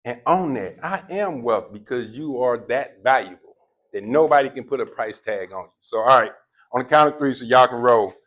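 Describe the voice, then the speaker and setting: A man mentoring a live group indoors, speaking in a preachy, animated call-and-response style. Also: mid-range voice, a little fast, highs cut off. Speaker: mentor leading a group session. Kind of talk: motivational talk to a live group.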